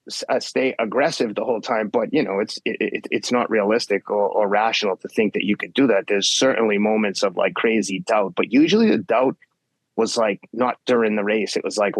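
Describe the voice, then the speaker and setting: A man in his fifties, a guest athlete telling race stories in blunt, profane, animated casual chat. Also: lowish voice, no room sound. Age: 50s. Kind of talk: casual podcast storytelling.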